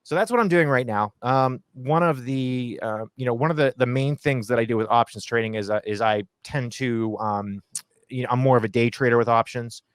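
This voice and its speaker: A man's voice: mid-range voice, fairly quick, smooth, dry recording. Chatty man from Ohio, dry close sound. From Ohio, USA. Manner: rambling, many fillers and restarts. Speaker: guest options trader. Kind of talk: casual conversational explanation.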